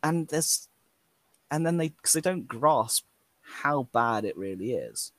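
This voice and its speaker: A man's voice: mid-range voice, lively intonation, takes it slowly, fairly bright tone, no echo. A man, talking earnestly and from the heart in a casual chat, his voice rising whenever he quotes himself. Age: 30s.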